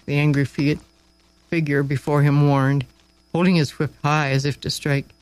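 A man reading a story aloud with expressive, slowed dramatic emphasis. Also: a little high, rough recording. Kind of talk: read-aloud story narration.

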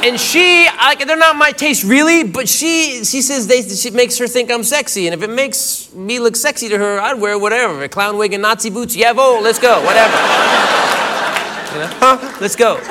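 A man doing stand-up comedy, telling a story with animated delivery and acting out the other voices. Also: extremely high pitch, moderate pace, background noise. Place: comedy club stage. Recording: comedy club with loud crowd laughter.

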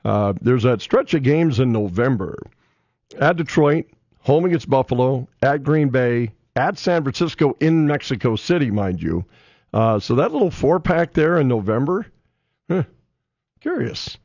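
A man hosting a casual sports talk show, halting and full of fillers and restarts. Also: mid-range voice, sing-song, darkish tone, breathy edge, no echo, dull audio. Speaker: sports radio host.

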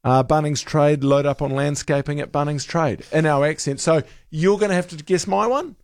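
A man's voice: on the high side, normal speed, no echo. A man with a New Zealand accent co-hosting breakfast radio in a joking, upbeat manner, on a studio microphone. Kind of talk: casual radio banter.

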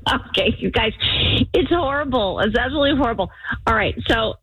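A woman calling in to a radio show, telling a story in an animated, laughing way. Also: a little high, a little fast, slightly rough, no room sound, dull audio. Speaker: caller.

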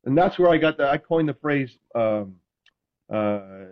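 A man telling stories in casual chat, animated and self-deprecating, acting out quotes. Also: medium pitch, measured pace, highs cut off. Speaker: podcast host, former NFL quarterback.

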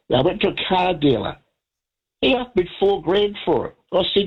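Husky congested old kiwi man. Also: high-pitched, very animated, brisk. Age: 70s. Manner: chatty, meandering, many restarts. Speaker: radio caller. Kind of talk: rambling casual phone chat. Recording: dull lo-fi radio phone line.

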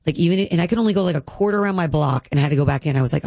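A woman's voice: lowish voice, rapid-fire, vocal fry, hardly any pauses, a little mellow, no echo. A woman in her thirties, a guest speaking earnestly and emotionally about her health, with many "like" fillers. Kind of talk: candid personal interview.

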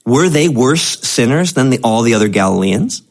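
Lively-voiced male pastor preaching. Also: medium pitch, moderate pace. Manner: conversational preaching, rising to emphatic. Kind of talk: sermon.

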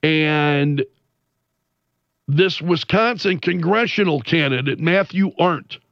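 A man giving casual news commentary in an animated way, retelling quotes with the swearing bleeped out by voice. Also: fairly high pitch, slow pace, no echo, dull audio.

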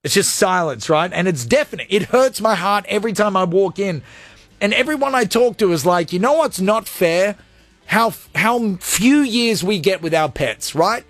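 A man hosting a call-in radio segment, ranting with energy and then talking softly and from the heart. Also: high-pitched, moderate pace, no echo, faint music behind. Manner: energetic, rants loudly, then goes soft and heartfelt. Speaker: radio host.

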